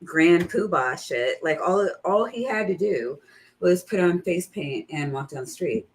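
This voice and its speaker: A woman's voice: lowish voice, lively intonation, a little slow. A woman chatting casually on a panel, mocking and exasperated.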